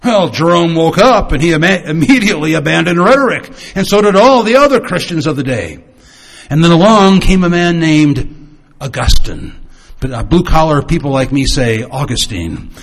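A man preaching and teaching with storytelling. He swings his pitch and volume for dramatic effect. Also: animated, normal speed. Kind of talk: sermon-style teaching.

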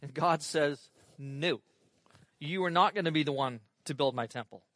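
A man preaching an earnest, animated sermon as pastor, reading scripture and exclaiming over it. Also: a little high, normal speed, no room sound.

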